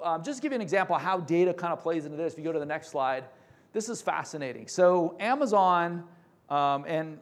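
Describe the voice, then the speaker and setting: A man giving an energetic business presentation, joking now and then and using fillers. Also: fairly high pitch. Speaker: company presenter.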